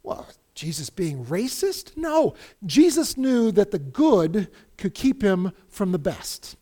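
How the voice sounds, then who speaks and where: A middle-aged pastor delivers a sermon in a voice that sits high, taking his time. He tells stories with real energy, acting out the voices of the people he quotes.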